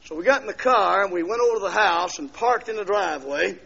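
An older man preaching at a church service, telling his conversion story as a testimony and breaking into loud shouted preaching. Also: high voice, expressive, quick pace, vocal fry, breathy edge, lo-fi sound. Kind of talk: revival sermon testimony.

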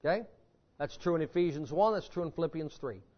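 A pastor preaches fervently to his congregation, driving hard on key words, then dropping low and intense. His voice sits high for a man. The church recording sounds dull and lo-fi. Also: animated, quick pace. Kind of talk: sermon.

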